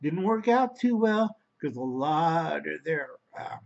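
A man's voice: on the high side, big pitch swings, slow pace, creaky, dull audio. A man rambling through a home video monologue, talking to his viewers as boys and girls and calling himself by name in the third person. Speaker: vlogger.

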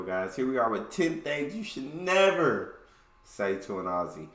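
A man's voice: low voice, animated, normal speed, a bit bright. An American man hosting a reaction video, chatting casually and laughing along. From United States. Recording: roomy echoey room.

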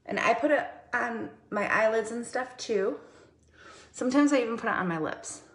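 A woman's voice: fairly high pitch, lively intonation, moderate pace, roomy sound. A woman hosting a casual makeup livestream, chatty and greeting viewers by name.

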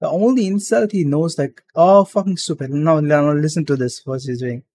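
A man's voice: a little high, expressive, normal speed, mellow. A young man ranting profanely and with exasperation while commenting on a reaction video.

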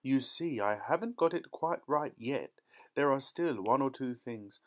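A man reading the part of an eccentric, excitable male candy inventor with a boastful, theatrical way of talking. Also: mid-range voice, a little slow, natural voice. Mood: gentle.

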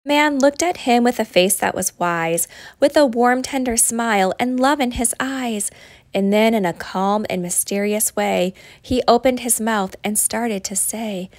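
Lady reading a kids bible storybook, lightly high voice, bouncy sing-song rhymes, dry close sound. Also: measured pace, a little mellow, no echo. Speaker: storytime reader. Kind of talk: reading a rhyming picture book aloud.

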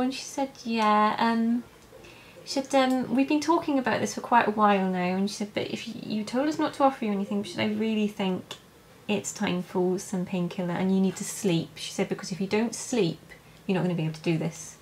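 A young woman telling her birth story in a vlog, halting and emotional, with many fillers and restarts. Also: mid-range voice, slight background noise, low-quality recording. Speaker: vlogger. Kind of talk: personal birth story, casual.

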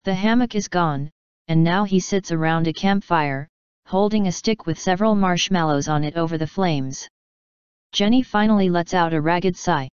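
A woman reading a story aloud as a fanfiction narrator, steady and even. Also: fairly low pitch, moderate pace, clean tone, dry recording, dull audio. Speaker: fanfiction reader.

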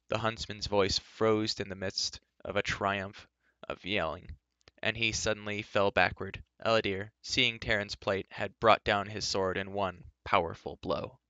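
Man, low clear voice, reads a novel aloud in even storytelling, dry dull lo-fi sound. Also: dry recording. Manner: steady storytelling with occasional word slips. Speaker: reader. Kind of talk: reading a fantasy novel aloud.

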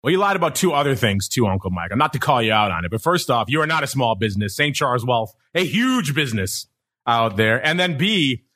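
A man's voice: mid-range voice, big pitch swings, brisk, bright, forceful tone. A man hosting a market podcast, playfully teasing his co-host and rattling off trading figures. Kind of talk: casual market show talk.

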